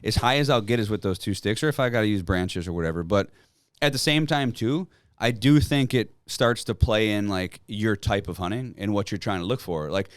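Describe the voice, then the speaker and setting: A man's voice: fairly low pitch, brisk, clear, resonant tone, no echo, clean studio sound. A man talking as a podcast guest, telling hunting stories in a loose, profane way with lots of fillers. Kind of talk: casual chat.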